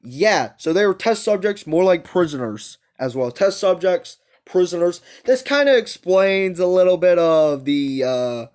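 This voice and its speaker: A young man with a slightly high voice talks through a book review off the cuff. He rambles, hesitates and keeps correcting himself as he goes. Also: animated, unhurried, hardly any pauses, darkish tone. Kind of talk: casual unscripted book review.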